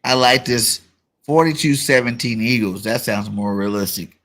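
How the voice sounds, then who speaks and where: A man hosting a casual sports talk show, relaxed and full of "you know" fillers. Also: mid-range voice, normal speed. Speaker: podcast host.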